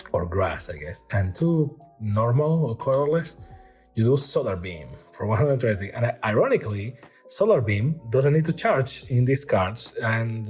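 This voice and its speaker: A middle-aged man hosting a casual card-pack opening, rambling and excitable, stopping often to read the card text aloud. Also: mid-range voice, husky. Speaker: channel host opening card packs. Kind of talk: casual unboxing chat.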